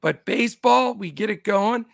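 Gravelly high-voiced middle-aged man hosting. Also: normal speed, dry recording, clean studio sound. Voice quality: scratchy voice. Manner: upbeat, shouts out chat names. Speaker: show host. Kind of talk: casual sports betting show chat.

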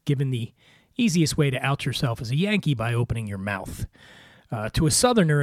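A man from Philadelphia hosting a podcast, a little weary, delivering a wry scripted comic monologue in a deadpan way. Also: medium pitch, no echo, studio quality. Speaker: podcast host.

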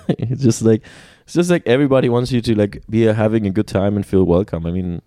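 Deep, dark-voiced man telling travel stories. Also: quick pace, hardly any pauses, no room sound, studio quality. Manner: animated storyteller with many restarts and laughs. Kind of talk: casual conversation.

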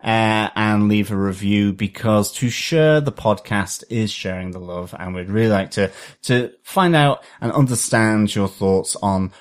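Man, podcast co-host, low voice, casual chat, rambling, hesitant, many ums. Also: a little slow, hardly any pauses.

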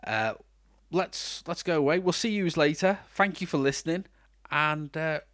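A man's voice: on the high side, moderate pace, a bit bright, dry recording, clean studio sound. A man co-hosting a casual podcast, chatty and self-mocking, talking with lots of restarts. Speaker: podcast co-host. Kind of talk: casual chat.

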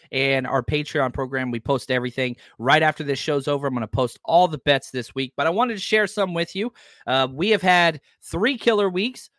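A man with a slightly high-pitched voice hosts a casual sports podcast, excitable and animated as he runs through matchups. The sound is dry and close to the mic. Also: dry recording. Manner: excitable, animated, reads live comments. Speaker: podcast host.

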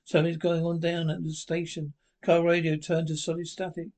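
A man's voice: on the high side, monotone, brisk, darkish tone. A man retelling a drama aloud in terse lines, reading out the sound cues between the dialogue. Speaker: narrator.

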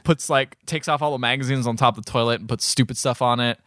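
A man's voice: medium pitch, fast, no echo, studio quality. A man co-hosting a podcast, casually retelling a film scene by scene and slipping into voices for the characters. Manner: animated storyteller, acts out characters in quoted voices. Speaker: podcast co-host recapping a film. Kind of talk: casual chat.

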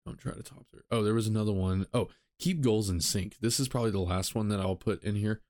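A man's voice: fairly low pitch, a little fast, darkish tone, dry recording. A man hosting a solo podcast, talking casually with frequent ums and self-corrections. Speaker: podcast host.

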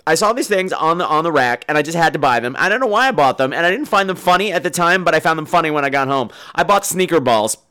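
A young man's podcast monologue is a fast, profane, sarcastic rant about everyday annoyances, complete with silly put-on voices and few pauses. His slightly high voice is animated, pushed, and bright, with a clean tone.

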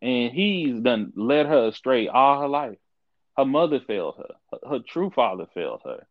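A man in his twenties in a casual podcast chat, telling a story with lively delivery and acting out the people he quotes. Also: mid-range voice, moderate pace, no room sound, phone-quality sound. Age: 20s. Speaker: podcast co-host.

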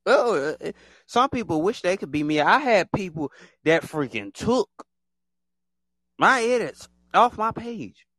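A man talks on his own in a casual podcast monologue, his voice sitting a bit high and swinging up and down a lot. He repeats his points and jumps into exaggerated impressions of other people. The sound is dry and close, with no room echo. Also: bright, forceful tone. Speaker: podcast host.

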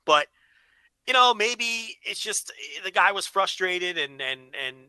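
A man co-hosting a podcast, chatting casually and swearing freely as he tells animated stories. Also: sits high, unhurried, smooth, no echo, low-quality recording. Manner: profane, animated storytelling. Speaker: podcast co-host. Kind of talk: casual wrestling podcast chat.

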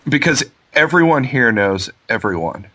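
A man's voice: medium pitch, very animated, normal speed, pushed and bright. Man joking dryly over a video call. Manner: dry, joking storyteller. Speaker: guest calling in from abroad. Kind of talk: casual chat.

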